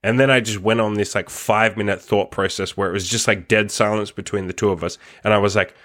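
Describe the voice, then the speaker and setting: A man's voice: lowish voice, steady tone, fast, fairly bright tone. A man telling a personal story in a casual monologue, swearing heavily, laughing between lines and filling gaps with "like". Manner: loose, rambling delivery full of "like". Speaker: podcast host.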